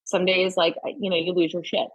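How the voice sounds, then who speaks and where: A woman's voice: on the low side, flat delivery, a little fast, no room sound, poor audio. A woman in her thirties, a mother guesting on a podcast, chatting candidly and swearing freely. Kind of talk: casual chat.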